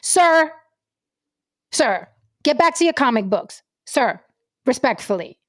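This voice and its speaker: A woman's voice: high voice, sing-song, takes it slowly, a bit bright, no room sound, studio quality. A woman hosting a podcast, ranting about celebrity gossip in a brash, profane, blunt manner. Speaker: podcast host.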